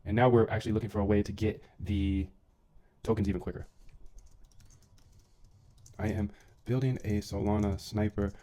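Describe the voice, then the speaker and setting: A man with a fairly low voice talks loosely through a live coding stream, full of slang and side comments to his chat. He chews food between lines while he works at his desk. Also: fairly even intonation, moderate pace, pauses often, mellow. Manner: eating while talking. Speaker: livestreaming coder and trader.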